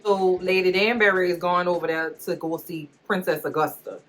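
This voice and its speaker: A woman vlogger giving a comedic, animated recap of a series, full of slang and jokes. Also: fairly low pitch, moderate pace. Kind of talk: comedic watch-along recap.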